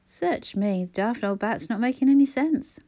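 A woman's voice: a little high, animated, normal speed, mellow, lightly acted. A woman voicing a sullen, rude young checkout girl who talks in a sulky, dismissive way.

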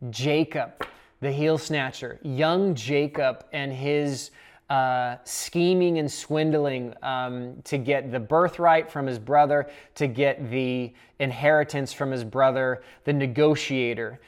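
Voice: mid-range voice, slow. A Bible study teacher explaining scripture in a casual, conversational way, thinking aloud while working through the passage.

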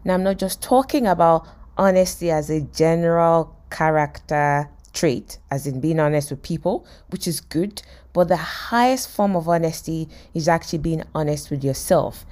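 A woman hosting a self-help podcast, teaching a lesson and retelling a comedy scene with lively acted-out quotes. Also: on the low side. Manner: lively storyteller who acts out quotes and laughs. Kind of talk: motivational talk retelling a sitcom scene.

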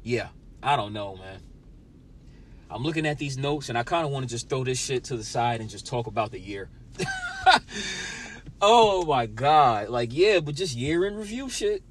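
A man's voice: mid-range voice, wildly swooping pitch, normal speed, pauses often, slight background noise. A young man hosting a podcast, ranting with lots of swearing and talking straight at his listeners in a sour, angry mood. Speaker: podcast host. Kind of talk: profane solo podcast rant.

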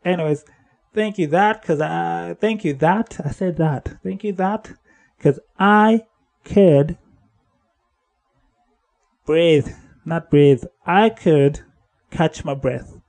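A man's voice: slow pace, creaky, pauses often, darkish tone. A man hosting a solo podcast, talking casually in a rambling way and correcting himself as he goes. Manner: rambling, self-correcting, drifts between upbeat and low-key. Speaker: podcast host.

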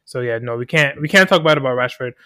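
A man's voice: medium pitch, fast, bright, forceful tone, dry recording, studio quality. A man hosting a casual podcast, upbeat and leading the talk with questions. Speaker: podcast host. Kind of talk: casual chat.

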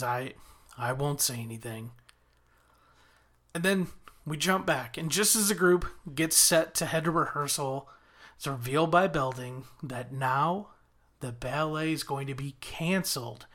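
A man casually recapping a TV episode as a podcast host, quoting characters' lines as he retells it. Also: on the high side. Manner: animated retelling with quoted lines.

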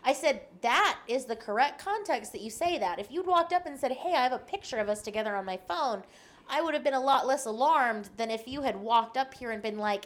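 Here a young woman talks briskly in a fairly high voice while chatting on a podcast. Animated and quick to laugh, she relates a casual story and voices the lines of the people involved.

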